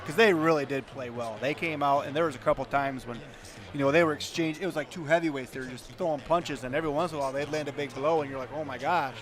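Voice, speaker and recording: A male color commentator breaking down a high school basketball game in a folksy, easygoing way. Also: quick pace. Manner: folksy, uses fillers like you know. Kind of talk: postgame sports analysis. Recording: noisy gym crowd behind.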